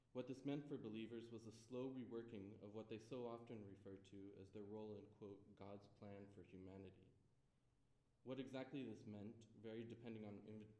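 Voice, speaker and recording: Young male doctoral student, formal measured lecture delivery, low and warm, echoey room. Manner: measured, formal, reading from notes. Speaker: doctoral student giving a seminar talk. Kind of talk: prepared academic lecture.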